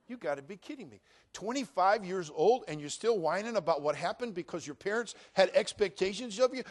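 A middle-aged male pastor preaching a sermon, shifting from quiet storytelling to loud exhortation. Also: high-pitched, expressive, a little fast.

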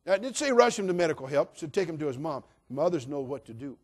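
Brief: male pastor, higher-pitched voice, folksy and emphatic, sermon delivery. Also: sing-song, quick pace. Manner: folksy, emphatic, swinging from hushed to loud.

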